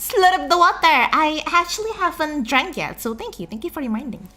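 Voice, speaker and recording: A woman's voice: sits high, big pitch swings, a little fast, bright, forceful tone. A young woman from Indonesia with an Indonesian accent, chatting casually on a stream and greeting viewers, rambling with restarts, her throat sore and phlegmy. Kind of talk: casual chat reading out viewer messages. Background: faint background music.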